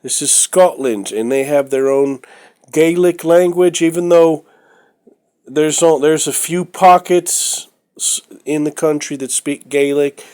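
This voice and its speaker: A man's voice: a little high, takes it slowly, darkish tone, clean tone. A man from the United States with a stuffy nose from a cold, showing things off in a casual vlog. He talks in a rambling, hesitant, opinionated way with many fillers. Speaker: vlogger. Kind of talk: casual show-and-tell vlog.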